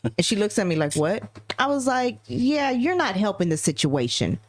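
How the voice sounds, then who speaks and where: A middle-aged woman co-hosting a podcast, telling a story in casual chat and mimicking people with high, exaggerated voices. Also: very animated, moderate pace, dry recording. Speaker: podcast co-host.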